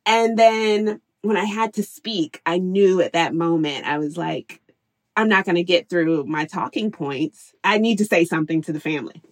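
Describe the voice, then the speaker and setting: This is a woman in her thirties telling candid stories about working from home with her kids. She is animated and laughs often, and she acts out what she said back then. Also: on the low side, normal speed. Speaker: interview guest, working mother. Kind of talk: candid storytelling.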